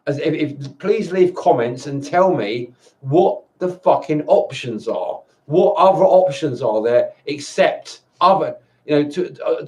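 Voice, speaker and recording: A man with a fairly high voice speaks in a personal monologue to camera. He sounds tired and stumbles through repeated words, swearing often as he talks. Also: darkish tone. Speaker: vlogger.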